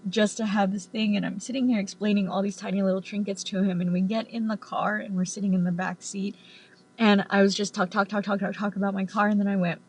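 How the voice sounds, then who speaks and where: A woman's voice: medium pitch, level tone, fast, slightly rough, rough recording. A woman tarot reader casually telling a long story to camera, rambling with lots of "like" and the odd swear word.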